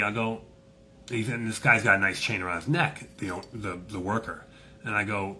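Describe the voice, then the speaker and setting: A man's voice: lowish voice, fairly even intonation, brisk, sharp tone, slight background noise. A man hosting a casual chat, telling a story in a profane, swaggering way and acting out the people in it. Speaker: host.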